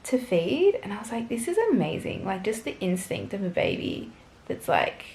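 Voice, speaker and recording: A woman's voice: medium pitch, huge pitch swings, moderate pace, gravelly, a little mellow, roomy sound. A young woman vlogger telling a personal story to camera in a chatty, gushing way, full of fillers.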